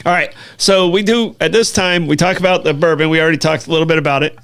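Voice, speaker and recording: American guy cohosting a chat show, kinda gravelly, a bit high, jokey and chatty. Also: fairly even intonation, fairly bright tone. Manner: chatty, storytelling, quick to joke. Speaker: co-host. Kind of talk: casual chat.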